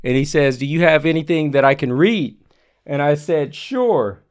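A man with a smooth, clear voice that sits a little above the usual male range. He tells a rambling personal story in a relaxed, chatty way, full of "uh" and restarts, as a whiskey writer. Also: fairly high pitch, moderate pace. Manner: rambling anecdotal telling with fillers. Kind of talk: casual storytelling.

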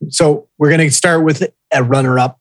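A man's voice: on the high side, fairly even intonation, moderate pace, no room sound, poor audio. A man co-hosting a casual podcast, telling a story with lots of swearing and reading listener posts aloud. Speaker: podcast co-host.

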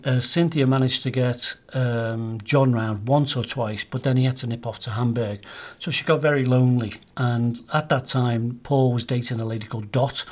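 A man's voice: medium pitch, a little mellow. A man co-hosting a podcast, telling a long story in a chatty, rambling way with many fillers. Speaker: podcast co-host.

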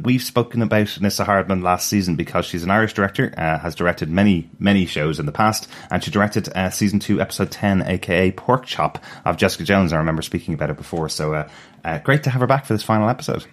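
A man co-hosting a TV review podcast, giving episode details in a brisk, informative way and laughing easily. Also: low voice. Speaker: podcast co-host. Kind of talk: casual review chat.

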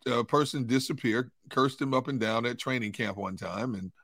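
A male sports talk co-host in an easygoing, casual manner, pausing with ums and uhs. The sound is dry and close. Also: medium pitch, dry recording. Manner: relaxed, hesitant fillers.

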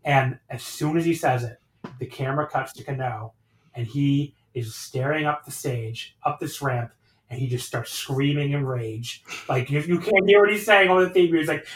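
Podcast host, male, slightly high voice, excitable and profane, recorded in an echoey room. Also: distant mic. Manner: excitable, swears freely. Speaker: podcast host reviewing wrestling. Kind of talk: casual chat.

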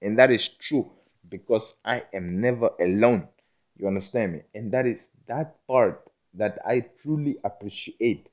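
A man's voice: lowish voice, a little slow, darkish tone, dull audio. A man in a casual spiritual monologue, rambling, repeating words, and swearing as he affirms himself and keeps asking if you understand him. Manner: self-affirming, preachy, often asks "you understand me?".

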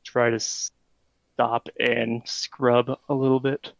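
A man's voice: mid-range voice, little pitch movement, drawn-out words, gravelly, no echo, highs cut off. A man playing a character in a tabletop role-playing game, joking casually and thinking his moves through aloud. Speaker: player. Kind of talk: tabletop role-play chat.

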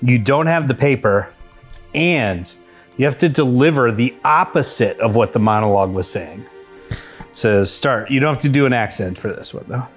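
A man hosting a comedy podcast and running improv games in casual, brisk, plain-spoken banter. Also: mid-range voice, faint music behind.

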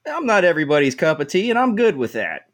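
Lively-voiced laid-back podcast co-host man. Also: fairly high pitch, fast. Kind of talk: casual sports podcast chat.

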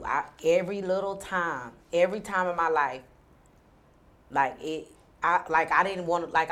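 Woman interview guest, low-pitched, candid and rambling. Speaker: entrepreneur guest.

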